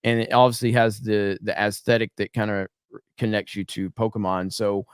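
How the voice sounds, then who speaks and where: Smooth-voiced man chatting casually. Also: fairly low pitch, level tone, normal speed, no echo, clean studio sound. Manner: loose, rambling sentences with "like" and "kinda". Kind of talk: casual panel chat.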